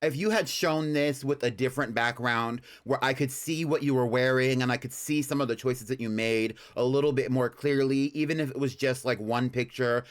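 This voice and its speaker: A man co-hosting a casual livestream fashion review. He talks in a sassy, blunt and teasing way, with a middle pitch. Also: fairly even intonation, normal speed, few pauses. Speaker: co-host reviewing fashion submissions.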